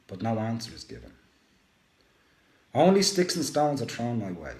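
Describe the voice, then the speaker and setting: A man giving a dramatic reading of a first-person poem, emotive, with big rises and hushed drops. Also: lowish voice, big pitch swings, moderate pace, echoey room. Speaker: radio show host.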